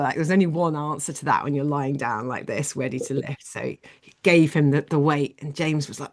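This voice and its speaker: A woman with a lowish voice leads a leadership training session over a video call. She explains each idea animatedly, often acting out little examples. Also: a little fast.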